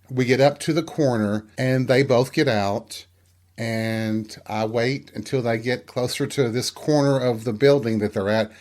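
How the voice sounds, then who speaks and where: A man's voice: mid-range voice, a little mellow. A middle-aged man hosting his own show, telling a candid personal story in a self-deprecating, conversational way. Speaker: podcast host.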